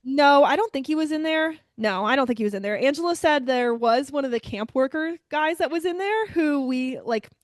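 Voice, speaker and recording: A woman's voice: high-pitched, fairly quick, hardly any pauses, no room sound, studio quality. Bubbly young woman telling a story. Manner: animated, acts out the voices of the people she quotes. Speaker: podcast host. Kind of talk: casual storytelling chat.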